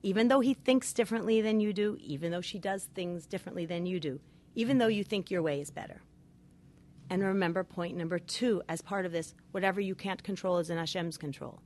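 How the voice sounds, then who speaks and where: Lowish-voiced woman therapist going through advice points, earnest and emphatic. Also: brisk, a little mellow. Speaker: marriage therapist. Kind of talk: advice talk with numbered points.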